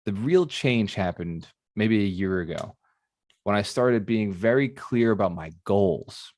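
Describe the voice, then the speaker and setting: Animated male mentor quizzing his audience. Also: fairly low pitch, no room sound, clean studio sound. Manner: animated, asks the audience questions. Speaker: real estate mentor. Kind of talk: motivational talk to a live online audience.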